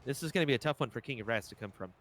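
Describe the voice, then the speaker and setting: Male caster, mid-pitched voice, play-by-play esports commentary, excitable jumps, jokey asides. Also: very fast, a little hiss or hum.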